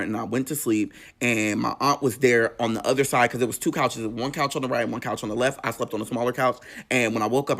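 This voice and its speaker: In a casual storytime video, a man speaks at a middle pitch and is candid and profane. He acts out what each person said as he recounts it. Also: fairly bright tone. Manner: candid and profane, retelling with quoted dialogue. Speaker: storytime vlogger.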